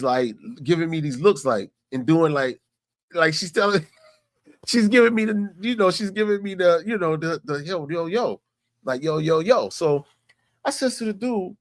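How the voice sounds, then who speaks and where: A man's voice: on the high side, no room sound, studio quality. A man vlogging, telling a story in a loose, conversational way. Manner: conversational, repeats "you know what I'm saying". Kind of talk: casual storytelling.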